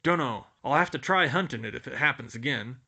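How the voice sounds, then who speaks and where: A man voicing a huge, gruff but gentle older male gamekeeper who talks loudly in a blunt, folksy dialect. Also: mid-range voice, animated, a little fast, exaggerated voice. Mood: gruff worried. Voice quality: loud, gruff rural-sounding dialect.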